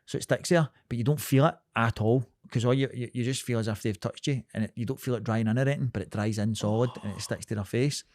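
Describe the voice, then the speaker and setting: With a medium-pitched voice, a quick pace and hardly any pauses, a Scottish man in his thirties tells a story while co-hosting a podcast. He's lively and sweary and laughs throughout, recorded in a studio with no echo.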